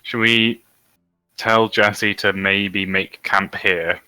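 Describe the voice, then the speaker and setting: Man with a bright voice playing a tabletop game. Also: lowish voice, fairly even intonation, takes it slowly, smooth, no echo, low-quality recording. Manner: hesitant, asking questions. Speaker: player. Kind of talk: casual tabletop game play.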